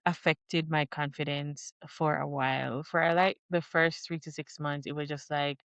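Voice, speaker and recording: Young woman vlogging, low smooth voice, slow, lots of "like" and "um", dry close mic. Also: level tone, a bit bright, no room sound. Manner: rambling, many fillers and restarts. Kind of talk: casual talking-head chat.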